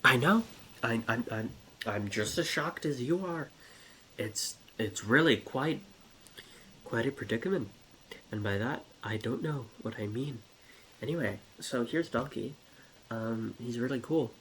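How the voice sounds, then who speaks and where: A man's voice: medium pitch, lively intonation, unhurried, pauses often, a bit bright, slight background noise. A man telling a rambling, comedic story in a scatterbrained way, with giggles and many restarts.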